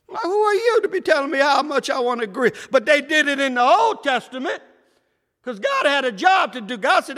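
High bright-voiced preacher in an echoey hall. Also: male voice, animated, fairly quick. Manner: preaching with shouts and wide swings in pitch and loudness. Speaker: pastor. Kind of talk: sermon.

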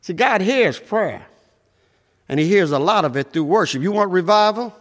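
A man preaching a sermon, shouting at times and swinging between loud and soft. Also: lively intonation, moderate pace. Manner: preaching with shouts and wide swings in pitch and loudness. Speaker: pastor. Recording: echoey hall.

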